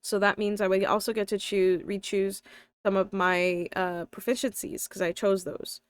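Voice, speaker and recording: A woman's voice: mid-range voice, flat delivery, moderate pace, smooth, dry recording. A young woman with a slight lisp, chatting casually on a live stream, thinking aloud and talking to her viewers. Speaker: live streamer and tabletop player.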